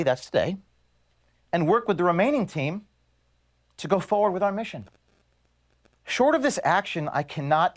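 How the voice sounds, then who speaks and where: A man, the founder of an organization, reading an earnest, measured video statement to his staff from his office. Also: fairly high pitch. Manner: earnest, measured, grievance-laden. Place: office at headquarters.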